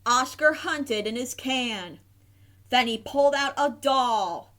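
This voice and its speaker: Woman, children's storybook reader, slow and gentle, slightly high voice. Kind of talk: children's read-aloud narration.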